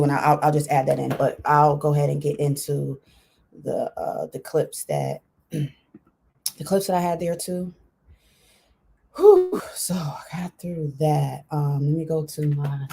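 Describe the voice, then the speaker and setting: A woman's voice: sits low, mellow. A woman hosting a casual livestream on her computer, chatting directly to her viewers with many fillers and restarts. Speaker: livestream host. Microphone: computer mic.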